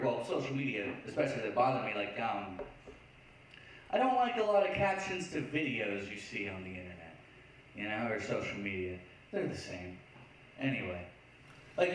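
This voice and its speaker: A man with a mid-range voice performs a stand-up set on a lounge stage before a live audience, sarcastic and acting out voices from online. The recording is very echoey and far from the mic, with slight background noise.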